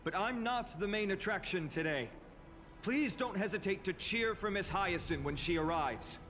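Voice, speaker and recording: A man's voice: sits high, animated, normal speed. An actor playing an earnest young male hero and loyal comrade in a game, with reverb and music behind. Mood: rousing. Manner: earnest, warm-hearted speechmaking. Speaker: game character. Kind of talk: game voice acting.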